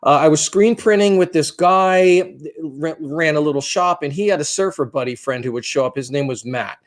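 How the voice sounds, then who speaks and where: A man's voice: on the high side, moderate pace. A man in his fifties co-hosting a podcast, telling a long story in a rambling, profane, self-deprecating way. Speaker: podcast co-host.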